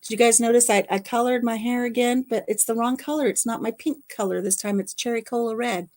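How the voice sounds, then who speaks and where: A woman's voice: on the high side, steady tone, a little fast, darkish tone. A middle-aged American woman chatting casually with her viewers, telling a long rambling story and repeating her phrases. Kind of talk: casual chat.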